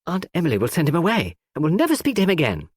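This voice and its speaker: A man's voice: on the high side, huge pitch swings, racing, slightly rough, dry recording, studio quality, voice pushed up, exaggerated voice. A man voicing an eager, chatty young woman in a storybook reading. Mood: eager gossip.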